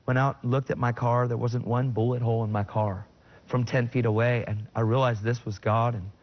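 A middle-aged man tells his personal faith testimony with earnest emotion. He sits at an ordinary pitch for a man, but his voice leaps high in sudden bursts when he quotes his own words. The recording is a little dull and lo-fi. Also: level tone, moderate pace. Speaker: guest sharing his testimony.

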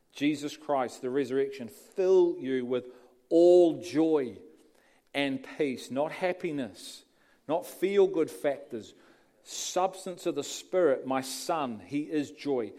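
A man preaching a sermon, shifting between quiet passages and emphatic lines. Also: on the high side, takes it slowly.

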